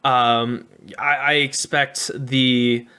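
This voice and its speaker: A man co-hosting a sports podcast, giving his takes in an eager, upbeat way and thanking listeners as he goes. His voice is mid-pitched and bright, with a casual, chatty delivery. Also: flat delivery, clean tone. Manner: upbeat, enthusiastic opinions, quick asides. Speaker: podcast co-host.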